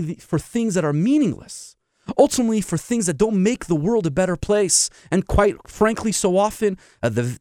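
A man's voice: a little high, darkish tone, no room sound, clean studio sound. A man, a rabbi, giving a sermon full of stories and emphatic rhetorical questions. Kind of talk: sermon with storytelling.

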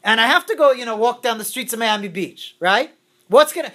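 A woman's voice: fairly high pitch, sing-song, normal speed, fairly bright tone. A woman teaching a religious class, quizzing her students and repeating her key phrases over and over.

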